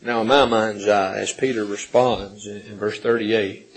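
A man preaching a sermon, swinging from loud pleading questions to hushed, gentle passages, calling listeners friends and repeating words as he builds. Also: on the low side, steady tone, measured pace, husky, low-quality recording. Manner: impassioned, rising and falling between loud pleading and hushed softness.

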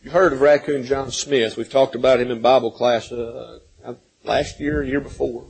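A man's voice: mid-range voice, fairly even intonation, moderate pace, creaky, husky, rough recording. A man preaching a sermon, telling a folksy story with frequent restarts and repeated words.

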